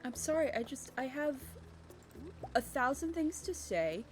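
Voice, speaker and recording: A woman's voice: sits high, big pitch swings, a little slow, faint music behind. A woman chatting casually and rambling while playing a farming game. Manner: rambling, lots of fillers and restarts. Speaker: gamer.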